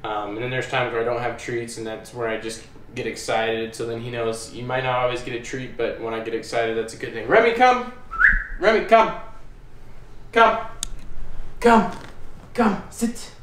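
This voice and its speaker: A man explaining puppy training in a relaxed, plainspoken way. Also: medium pitch, a little fast, hardly any pauses, distant mic, a little hiss or hum. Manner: relaxed, plainspoken, upbeat commands to the dog. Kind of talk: casual explaining while training. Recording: echoey room, voice from off-mic.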